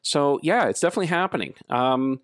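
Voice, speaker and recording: A man hosting a casual podcast, talking in a relaxed, rambling way with lots of fillers. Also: on the high side, a little fast, no room sound, studio quality. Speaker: podcast host.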